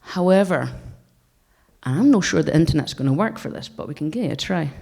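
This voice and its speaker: A woman's voice: low voice, expressive, a little fast, creaky, darkish tone. Wry Scottish woman giving a talk. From Scotland. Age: 40s. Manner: wry, blunt and joking. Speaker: conference speaker. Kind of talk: presentation talk to an audience.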